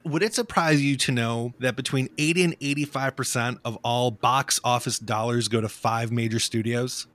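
A man poses trivia questions in a relaxed podcast conversation, plain and matter-of-fact. His voice sits in a middle range. The recording is dry and close. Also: medium pitch, moderate pace, hardly any pauses, no echo. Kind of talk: casual podcast chat.

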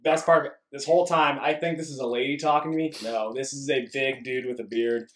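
A man co-hosting a casual podcast, telling a story with lively acted-out voices in an echoey room. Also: mid-range voice, fairly quick, slight background noise. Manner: animated storyteller acting out voices. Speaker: podcast co-host.

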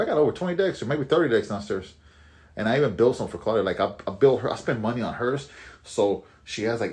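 A man co-hosting a casual podcast, rambling and profane with many restarts. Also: on the low side. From Mexico. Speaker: podcast co-host. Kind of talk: casual chat.

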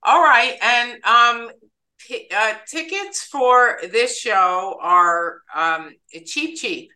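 A woman with a bright, clear-edged voice hosts a podcast. She talks chattily and upbeat, and she stumbles over a name now and then. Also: a little high, expressive, very slow, low-quality recording. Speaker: podcast host. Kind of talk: casual interview.

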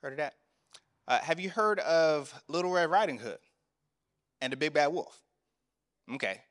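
Man, chaplain giving a sermon, slightly high voice, chatty storytelling, long echo of a chapel. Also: expressive, moderate pace, a bit bright. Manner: conversational storytelling, asks the congregation questions.

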